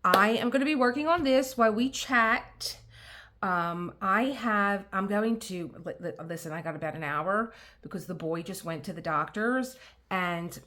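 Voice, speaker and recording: A woman's voice: medium pitch, normal speed, sharp tone. A middle-aged woman chatting casually while she crafts at home, rambling and restarting her sentences, with frequent fillers and laughter. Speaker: diamond painting vlogger.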